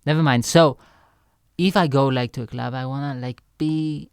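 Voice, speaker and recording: Young guy rambling casually, lots of "like" and swearing, smooth voice, dry sound. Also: medium pitch, steady tone, moderate pace, darkish tone, no echo. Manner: loose and chatty, heavy on "like" fillers and swearing. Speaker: music creator reacting to his own song.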